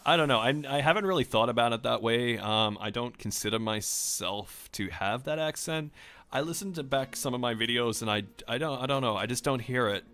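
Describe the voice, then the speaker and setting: A man's voice: mid-range voice, brisk, a bit bright, faint music behind. A man from Australia rambling in a casual rant over gameplay, with strongly emphasized R sounds and a self-questioning way of talking. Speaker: gaming vlogger.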